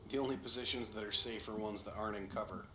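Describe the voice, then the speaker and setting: Man, lowish voice, playful jokey gaming banter, roomy sound, music underneath. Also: steady tone, quick pace, dull audio. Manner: playful, jokey, stammering restarts. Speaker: let's play co-host.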